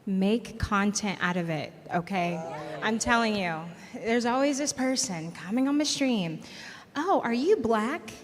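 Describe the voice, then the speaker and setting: A woman streamer speaking on a live panel, animated and emphatic, giving encouragement. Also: medium pitch, unhurried, hardly any pauses. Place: large event hall. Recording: hall reverb, faint noise.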